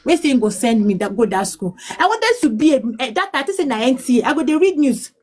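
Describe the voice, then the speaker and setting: A Nigerian woman in her late thirties, mixing English and Pidgin, telling her life story as a mother in a pleading, halting way. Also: high-pitched, very animated, a little mellow. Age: 30s. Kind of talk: emotional personal testimony.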